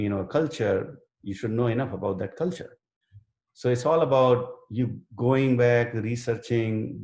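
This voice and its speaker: A man's voice: fairly low pitch, warm tone, reverberant. A man teaching a live online writing workshop and answering student questions earnestly, with many fillers and restarts. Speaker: writing instructor. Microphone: video call.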